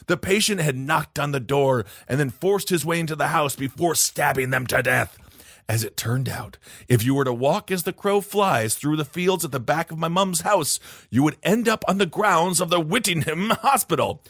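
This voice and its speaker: Brief: podcast host, man, lively swooping delivery, a bit high, dry close sound. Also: dry recording. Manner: animated, jokey asides. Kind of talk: comedic story reading.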